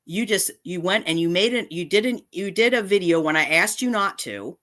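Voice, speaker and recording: A woman's voice: fairly low pitch, expressive, moderate pace, a bit bright. A woman vlogger delivering an angry, confrontational rant straight to camera, indignant and repeating her points. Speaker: cat channel vlogger.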